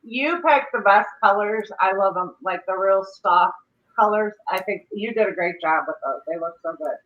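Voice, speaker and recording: A middle-aged woman hosting a casual live stream, chatty and quick to laugh. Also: medium pitch. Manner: laughs often, chatty and animated. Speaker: livestream host. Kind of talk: casual chat. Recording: dull lo-fi stream audio.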